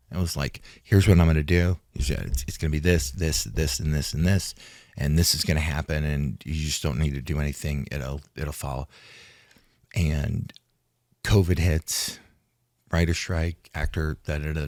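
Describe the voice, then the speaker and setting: Very deep-voiced man telling a story. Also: a little mellow, no room sound, clean studio sound. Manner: rambling, restarts, acts out quoted talk. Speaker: retired fighter, interview guest. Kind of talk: casual storytelling interview. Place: studio in Hollywood.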